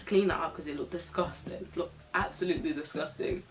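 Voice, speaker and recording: A woman's voice: low-pitched, fast talker, few pauses. Young woman chatting frankly, swearing freely. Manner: sipping a drink while talking. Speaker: vlogger. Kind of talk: casual storytelling.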